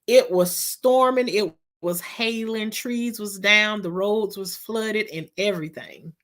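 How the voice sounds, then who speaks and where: Woman, middle-aged, storytime vlog, sharp bright tone, emphatic. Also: mid-range voice, slow. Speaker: vlogger.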